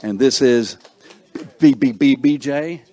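Older guy hosting a seniors breakfast, slow and teasing, trips over names while joking around. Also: mid-range voice, dark tone. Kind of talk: introducing people in a room, joking.

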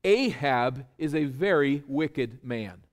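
A man's voice: medium pitch, expressive, slow. A man preaching an expository sermon. He explains step by step and puts rhetorical questions to his listeners with emphasis.

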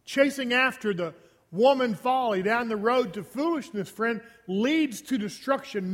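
A male pastor with a notably high voice delivers an emphatic sermon. He keeps repeating key phrases and throwing rhetorical questions at the congregation. His words ring out with a long reverb tail in a large church hall. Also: expressive, measured pace.

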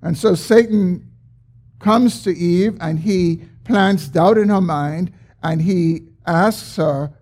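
A man preaching a sermon, explaining a scripture passage with emphatic, drawn-out stresses. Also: high voice, a little mellow. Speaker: pastor.

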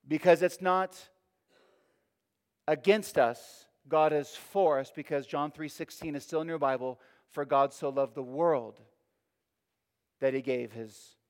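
A man preaches a sermon, his fairly high voice rising and falling as he presses each point and repeats phrases for weight. His words ring out with a long reverb from a large hall.

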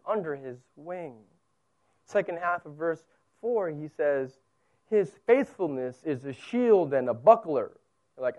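High-voiced earnest male preacher. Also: dull audio. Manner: earnest, explains scripture plainly, voice swells and drops. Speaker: pastor. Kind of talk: sermon. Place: church service held in a zoo venue.

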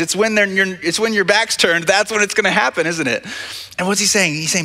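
Pastor, man, bright and slightly high voice; casual preaching, restarts and asks "right?". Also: a little fast, hardly any pauses. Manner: conversational, repeats words, asks "right?" often. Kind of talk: sermon. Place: church service. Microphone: handheld or stage mic.

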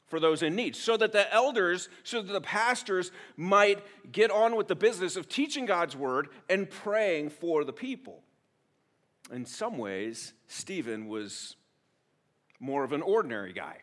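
A man preaching a sermon as pastor, telling stories with acted-out quotes. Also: high-pitched. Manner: animated storytelling with acted-out quotes. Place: church.

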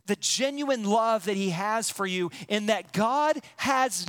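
A man preaching a sermon, speaking to his listeners directly and leaning on emphatic pauses. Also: high voice, fairly bright tone. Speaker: pastor.

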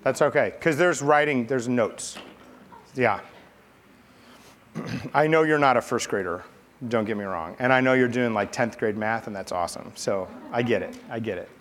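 A man's voice: mid-range voice, normal speed, a bit bright, a little hiss or hum. A man telling a Bible story to children in a playful, chatty way, directing kid volunteers. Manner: playful, chatty, coaxing kids. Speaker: pastor leading a children's message.

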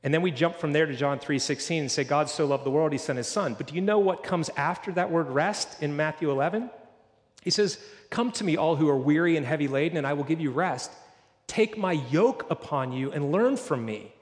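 Male pastor, slightly high voice, earnest sermon delivery, church reverb. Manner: earnest preaching, slows for quoted scripture.

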